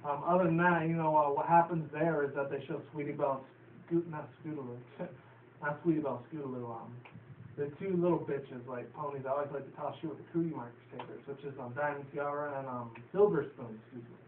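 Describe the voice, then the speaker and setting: A man from New York City rambles through an episode recap, swearing freely and leaning on fillers. His voice sits a bit high for a man. The recording is tinny and roomy, picked up from a distance with a faint hiss. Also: steady tone, fast talker. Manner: profane, filler-heavy, chatty. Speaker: show reviewer.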